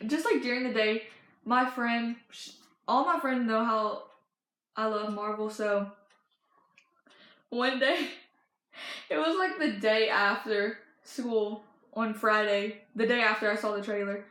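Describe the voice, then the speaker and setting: A teenage girl vlogging about movies she loves, telling stories in a gushing, excited way with lots of fillers and restarts. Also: fairly high pitch, slow pace, long pauses, roomy sound, poor audio. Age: teens. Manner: gushing, breathless storytelling with many fillers and restarts. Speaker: fan vlogger. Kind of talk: excited casual chat.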